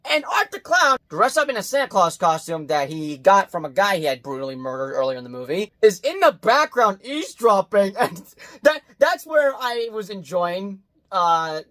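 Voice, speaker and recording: A man doing a casual movie review vlog, talking bluntly and swearing, swinging between loud outbursts and quiet muttered asides. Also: sits high, sing-song, normal speed. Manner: blunt and profane.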